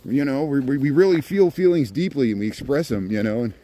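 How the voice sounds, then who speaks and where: A middle-aged man with a mid-range, dark-toned voice talks a little fast while walking city streets at night. As a walking vlogger, he chats to his phone camera in casual, rambling commentary full of restarts. Faint street and traffic noise sits in the background.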